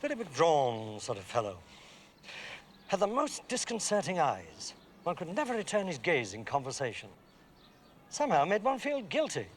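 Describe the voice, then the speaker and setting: An older actor playing a clipped, drily ironic senior barrister, in a film drama. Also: male voice, on the high side, wildly swooping pitch, normal speed, slight background noise. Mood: wry. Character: dry, worldly old English barrister.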